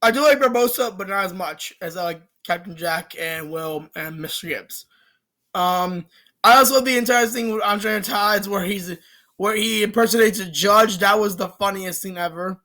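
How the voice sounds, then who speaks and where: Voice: medium pitch, moderate pace, sharp tone. A casual movie reviewer rambling about a film series, with lots of fillers, restarts and casual swearing.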